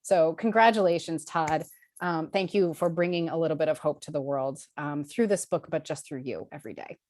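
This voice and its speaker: A woman's voice: deep voice, brisk, a little mellow. A middle-aged woman bookseller giving a chatty, upbeat tribute over a video call. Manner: chatty and upbeat, laughs between phrases.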